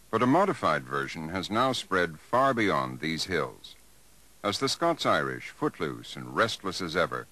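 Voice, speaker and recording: A man narrating a 1980s broadcast documentary in a measured, polished delivery. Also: sits low, bright, forceful tone, poor audio.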